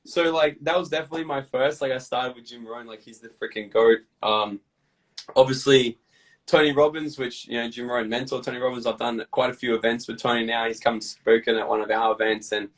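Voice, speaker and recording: Male guest, blunt and profane, animated storyteller, husky voice, distant mic. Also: mid-range voice, a little fast. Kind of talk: casual interview chat.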